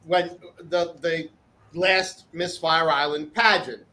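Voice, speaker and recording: A man's voice: on the high side, steady tone, slow pace, pushed and bright, rough recording. A man co-hosting a chat show over a video call, telling a story in a rambling way with many fillers. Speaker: co-host. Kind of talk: casual chat.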